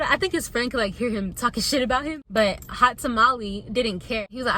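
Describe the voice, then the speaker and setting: A young woman vlogger telling a casual storytime to her viewers, animated and chatty, calling them y'all. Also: a little high, fairly quick, few pauses, slight background noise.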